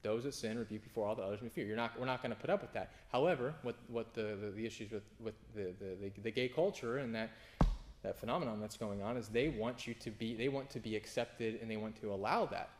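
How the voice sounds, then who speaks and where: A man, a pastor, giving an informal sermon, often restarting phrases and jumping into sudden emphatic high bursts. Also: fast talker. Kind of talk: conversational sermon.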